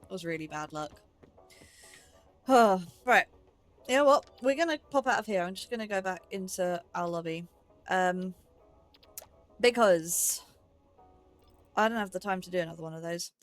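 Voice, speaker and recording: A woman's voice: on the low side, moderate pace, long pauses, faint music behind. A young woman giving chatty live commentary as she plays a game, talking herself through each move. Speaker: game streamer.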